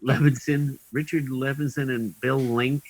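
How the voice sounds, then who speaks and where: A man's voice: medium pitch, steady tone, measured pace, dry recording, rough recording. A man guest in an interview, telling long anecdotes in a rambling way with many ums and chuckles.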